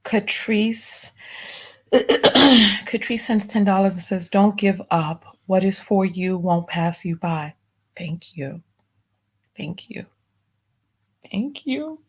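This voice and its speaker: A woman hosting a live stream, reading out viewer donation messages and softly thanking each one. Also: mid-range voice, fairly even intonation, takes it slowly, long pauses, breathy edge. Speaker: livestream host.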